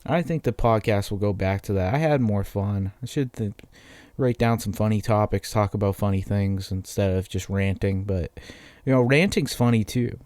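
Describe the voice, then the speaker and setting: A man's voice: fairly low pitch, normal speed, darkish tone, no room sound. Profane rambling young man. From Massachusetts. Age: 20s. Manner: profane, rambling, self-deprecating. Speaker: podcast host. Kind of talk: casual solo podcast rant.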